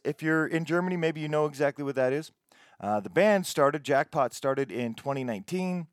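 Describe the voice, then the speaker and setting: A man's voice: medium pitch, no room sound, studio quality. A man hosting a music show, talking casually, stumbling over foreign words and swearing offhandedly. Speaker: radio show host.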